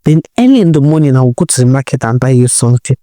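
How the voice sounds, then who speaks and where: A woman voicing a gentle young husband who speaks calmly and reassuringly. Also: extremely low pitch, quick pace, no echo. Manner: calm, reassuring.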